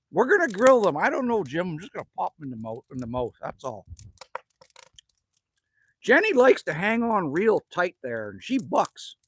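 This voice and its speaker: A man's voice: high voice, a bit bright. A man from Manitoba, Canada, chatting casually on a livestream from a cabin, rambling, joking and reading chat messages aloud. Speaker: livestream host. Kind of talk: casual live-stream chat. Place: indoors at a cabin with a wood stove.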